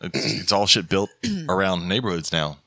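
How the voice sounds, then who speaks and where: A man's voice: low voice, normal speed, bright, forceful tone, dry recording, clean studio sound. A man co-hosting a podcast in casual chat, blunt and teasing, swearing freely. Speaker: podcast co-host.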